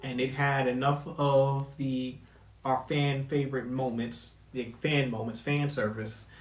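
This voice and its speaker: A man's voice: medium pitch, a little slow. Chill guy cohosting, laughs easy, roomy echo on his mic. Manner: relaxed, laughs easily. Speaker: podcast co-host. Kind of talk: casual chat. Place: home room with air conditioner running.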